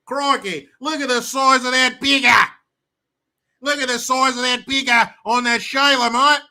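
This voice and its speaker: Man putting on a loud mock-Australian bloke. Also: extremely high pitch, fairly even intonation, normal speed, voice pushed up, exaggerated voice. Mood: gawking. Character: brash Australian bloke exclaiming.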